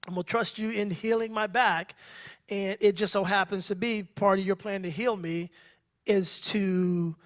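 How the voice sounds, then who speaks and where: A man's voice: high-pitched, steady tone, moderate pace, fairly bright tone. A man serving as the pastor who hosts a church interview, speaking in a preacherly way and turning to the congregation. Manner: preacherly, addresses the congregation directly. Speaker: pastor hosting the conversation. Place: church sanctuary before a congregation.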